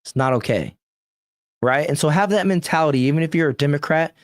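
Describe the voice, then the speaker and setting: An American man hosts a political livestream podcast, his voice a little high, expressive and slightly fast. He talks bluntly and rambles, reading posts aloud with offhand asides. The recording is dry, with clean studio sound.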